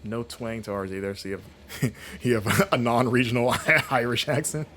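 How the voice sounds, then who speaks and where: A man from Florida with a non-regional American accent, chatting casually while streaming gameplay and reacting out loud to what happens. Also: mid-range voice, moderate pace, slight background noise. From Florida, USA. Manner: chatty, rambling, reacts aloud to the game.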